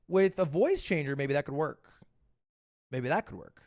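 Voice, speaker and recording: Male stream host, joking and rambling, higher voice, swings up and down a lot. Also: animated, darkish tone. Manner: rambling, joking, quick asides. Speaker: livestream host. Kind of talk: casual reaction-stream chat.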